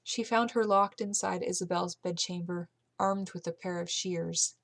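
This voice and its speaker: A woman reading an amateur audiobook aloud, steady but with occasional slips and self-corrections. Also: lowish voice, moderate pace, vocal fry, few pauses. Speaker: audiobook reader.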